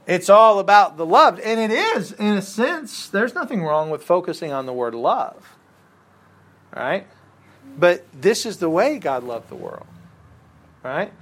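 Man, Bible class teacher; relaxed, chatty lecturing, voice sits a bit high, keeps asking the room questions. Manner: conversational, quizzes the class with questions.

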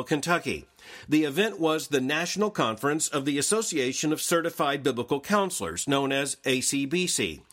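A man hosting a daily news analysis show, reading scripted commentary in a measured, formal way. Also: on the high side, a bit bright.

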